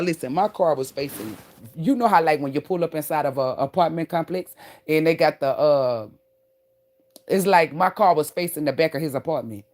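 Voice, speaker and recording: An online creator with a low-sitting voice tells a profane, animated story directly to her viewers. She calls them "y'all" and "baby" and breaks into emphatic outbursts.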